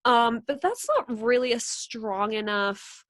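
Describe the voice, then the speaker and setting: A woman's voice: on the high side, very animated, slow, dry recording, clean studio sound. A young woman co-hosting a casual movie podcast, giggly and gushing, filling her speech with "like". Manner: giggly, gushing, uses "like" a lot. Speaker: podcast co-host. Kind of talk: casual chat.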